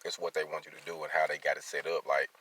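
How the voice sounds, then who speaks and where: Deep-voiced man venting angrily. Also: flat delivery, fast talker, bright, forceful tone, slightly rough. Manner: blunt, profane, heated street talk. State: angry. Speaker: traveling field welder. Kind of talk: venting vlog monologue.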